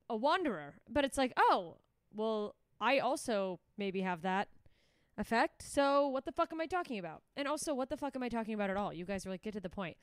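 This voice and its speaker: A woman's voice: on the high side, clear, resonant tone, no room sound, studio quality. Candid, swearing podcast host woman. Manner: candid, swears freely, laughs a lot. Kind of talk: casual podcast chat.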